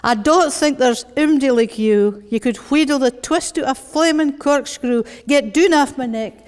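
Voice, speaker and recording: A woman's voice: high-pitched, moderate pace, a little mellow, voice pushed up, close to an everyday voice. A woman voicing an exasperated father with a Glasgow accent, scolding in a blustery way. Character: gruff exasperated father giving in. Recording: long reverb of a large hall.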